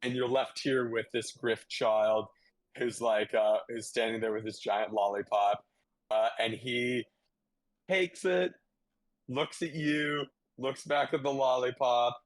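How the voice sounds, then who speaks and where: Slow, halting man running a tabletop game. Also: mid-range voice, fairly even intonation, no echo. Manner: halting, thinking aloud. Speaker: game master.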